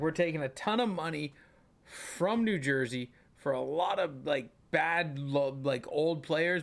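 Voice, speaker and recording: Excitable young man commenting his game. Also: a little high. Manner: chatty, thinks aloud, excitable outbursts. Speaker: gaming channel host. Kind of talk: gameplay commentary.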